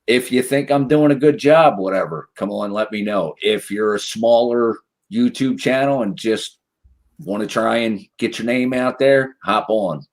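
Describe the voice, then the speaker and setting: A man's voice: mid-range voice, unhurried. A man co-hosting a casual online chat, talking loosely and offhandedly with lots of fillers. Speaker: YouTuber co-host.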